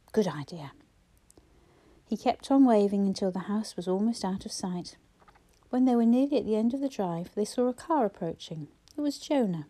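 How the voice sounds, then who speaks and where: A woman reads a novel aloud in a steady storytelling voice, moving between the characters. Her tone is warm and mellow, never bright. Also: mid-range voice. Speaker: audiobook narrator. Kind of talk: scripted narration.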